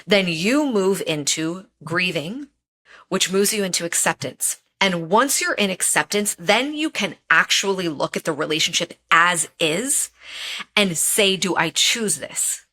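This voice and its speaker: A woman's voice: lowish voice, expressive, a little slow, sharp tone. A woman guest on a podcast, a relationship expert speaking earnestly and telling personal stories, repeating phrases for emphasis. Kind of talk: casual interview chat.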